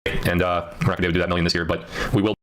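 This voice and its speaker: A man's voice: low-pitched, level tone, racing. A man livestreaming in casual chat, rambling and reading out viewer comments.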